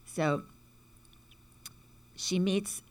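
Female teacher, casual talk, conversational and lower-pitched, checks in with listeners often. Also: drawn-out words. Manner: chatty, frequent "right?" checks, acts out quotes. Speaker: teacher explaining symbolism.

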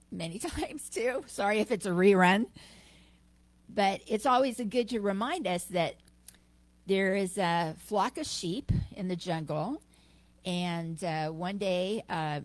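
A woman minister delivering a sermon with expressive, emphatic storytelling. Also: medium pitch, slow pace, no echo.

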